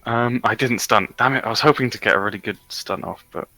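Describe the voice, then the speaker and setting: A man's voice: medium pitch, a little fast, bright, forceful tone, no room sound. A man playing a tabletop game, thinking aloud with hesitant ums. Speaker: player. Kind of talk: casual tabletop game play.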